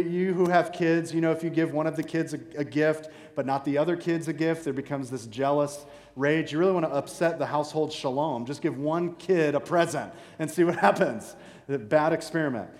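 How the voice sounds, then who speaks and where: A fairly high-voiced man preaching in a loose, joking, conversational way, acting out the people he describes. His voice rings through a big church hall with a long, echoing tail. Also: fairly quick, darkish tone. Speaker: pastor. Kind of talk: sermon. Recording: echoey hall with long reverb.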